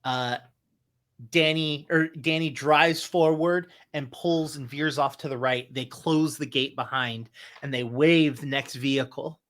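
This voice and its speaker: A man narrating a tabletop game as game master, in slow, searching narration with restarts. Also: a little high, steady tone, a bit bright.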